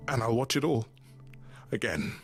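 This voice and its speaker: A husky, grieving love god. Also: male voice, medium pitch, expressive, faint music behind. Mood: pained. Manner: heartfelt, halting confessional. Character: grieving young male god of love, weary. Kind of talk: video game voice acting.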